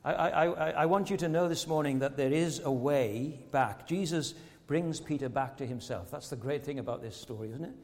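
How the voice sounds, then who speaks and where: A man's voice: on the high side, moderate pace, hardly any pauses, a little mellow, big-room sound. A man preaching a sermon earnestly, asking rhetorical questions and often repeating words as he goes.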